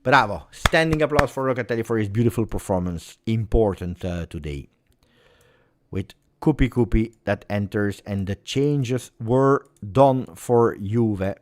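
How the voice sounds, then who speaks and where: A man's voice: fairly low pitch, measured pace. A man hosting a live match watch-along, reacting emotionally and pleading with the players. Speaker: fan channel host.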